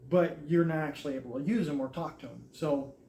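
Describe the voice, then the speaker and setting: Speaking fairly quickly in a mellow, fairly high voice, a man who served in the army earnestly recounts his own experiences. He quotes and acts out others' words, and the room is echoey with a little background noise.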